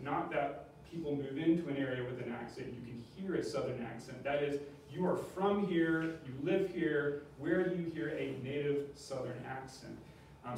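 A man delivers a museum lecture, posing questions and then answering them himself. His voice sits a little higher than most men's. It is recorded from a distance in a strongly echoing room, with a faint hiss underneath. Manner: explanatory, asks and answers his own questions. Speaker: history professor giving a public talk. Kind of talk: lecture with slides. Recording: very echoey room, distant mic, faint noise.

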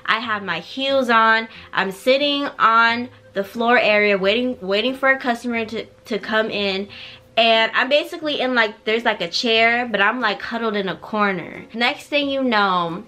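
A young woman vlogger in her twenties telling a casual story at home, blunt and animated, full of slang and swearing, keeping her voice down at night. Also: mid-range voice. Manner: drops to a quieter voice so neighbors won't hear.

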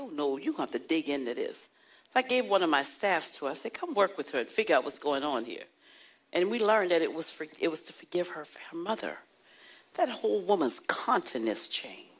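A woman pastor preaching a sermon, animated and playful with the congregation. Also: lowish voice, breathy edge. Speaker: pastor and prophetess.

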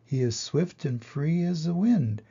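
An ancient, gentle she-turtle speaks with calm wisdom, read by an older man. The voice is gravelly and husky, dark in tone, and unhurried. A slightly dull, lo-fi home recording. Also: on the high side, voice pushed up, exaggerated voice. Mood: solemn. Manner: slow, solemn storybook reading.

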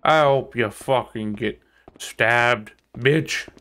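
A man's voice: medium pitch, takes it slowly, sharp tone, clear, resonant tone. A man streaming a game live, swearing freely as he plays and reading the game's text aloud. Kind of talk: live gameplay commentary.

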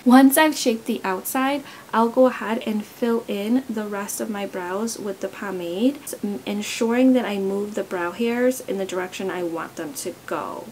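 A woman's voice: medium pitch, normal speed, few pauses, darkish tone, slight background noise, rough recording. A young woman chatting casually while doing a makeup tutorial, rambling into stories along the way, recorded close to the camera. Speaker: beauty vlogger.

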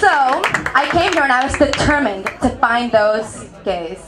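High-voiced Mexican woman doing stand-up. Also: expressive, a little slow. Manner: chatty, self-mocking, laughs through her punchlines. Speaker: stand-up comedian. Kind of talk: stand-up comedy set. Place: comedy venue with a live audience. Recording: crowd noise from a live audience.

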